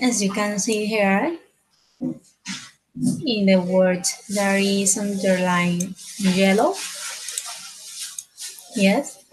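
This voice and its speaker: A woman's voice: mid-range voice, husky, low-quality recording. A woman teaching an English grammar lesson, who keeps checking in with short tag questions and repeats phrases as she explains.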